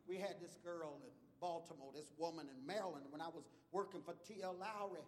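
A man preaching an impassioned sermon in a church, swinging from hushed tones to shouts. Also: high-pitched, sing-song, brisk, few pauses. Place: church sanctuary. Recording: long hall reverb.

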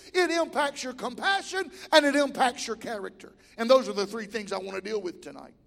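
High-voiced preacher in a hall. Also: male voice. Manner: folksy, preaching with rising shouted builds. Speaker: pastor. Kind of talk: sermon. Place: church sanctuary. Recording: church hall reverb.

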